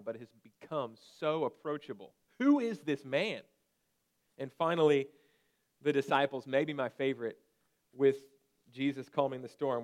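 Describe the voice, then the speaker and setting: Man preaching a lively sermon. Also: medium pitch, clear, resonant tone. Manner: conversational preaching with sudden shouted commands. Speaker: pastor.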